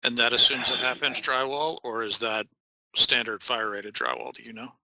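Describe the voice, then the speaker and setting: A man's voice: mid-range voice, steady tone, moderate pace, gravelly, bright, forceful tone, dry recording, low-quality recording. A man in the audience asking a presenter detailed follow-up questions, restarting his phrasing.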